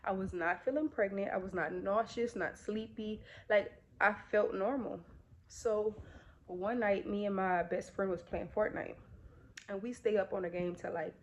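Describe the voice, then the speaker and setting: A young woman telling a storytime straight to her viewers, slightly out of breath, her voice sitting at an ordinary middle pitch. She talks casually, with plenty of fillers, and there is a faint hiss of noise behind her. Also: fairly even intonation, moderate pace. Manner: chatty, many fillers, addresses viewers directly. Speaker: vlogger.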